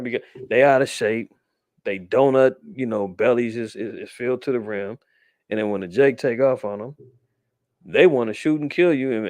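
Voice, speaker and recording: A man's voice: mid-range voice, a little mellow, no echo. A man hosting a show, talking loosely about the news with slang and restarts. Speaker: podcast host. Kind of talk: casual commentary on news.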